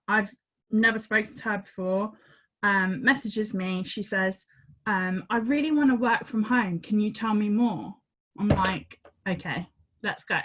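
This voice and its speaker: A woman tells a personal story in casual conversation. Her pitch jumps around a lot as she acts out her own reactions, and she often repeats words as she goes. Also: a bit bright. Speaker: community member sharing a story. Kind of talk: casual storytelling on a group call.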